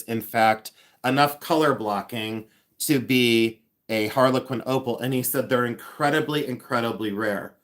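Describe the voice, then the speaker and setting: A man's voice: medium pitch, a bit bright. Playful fifty-something man on a livestream. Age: 50s. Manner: playful, self-mocking, teasing viewers by name; hums and scats tunes. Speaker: livestream host. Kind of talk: casual live chat.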